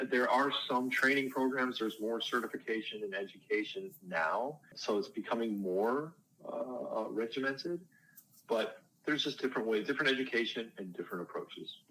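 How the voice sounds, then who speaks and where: A man's voice: fairly low pitch, fairly bright tone, a little hiss or hum, poor audio. A man who works as a counselor and coach answers interview questions in a conversational, explanatory way, with light self-deprecating asides. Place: outdoors on a porch.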